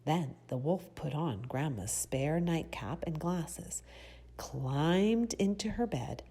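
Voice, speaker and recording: Woman reading a children's storybook, slow, gentle, husky low voice, lively melody, asks questions. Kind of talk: storybook read-aloud for children.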